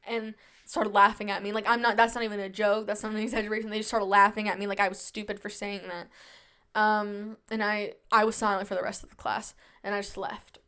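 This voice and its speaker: A woman's voice: mid-range voice, level tone, fairly quick, fairly bright tone, smooth. A young woman hosting her own podcast, talking casually and at length, full of fillers and self-reassurance, shy and introverted by her own account. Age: young adult. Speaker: podcast host. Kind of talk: casual solo podcast chat.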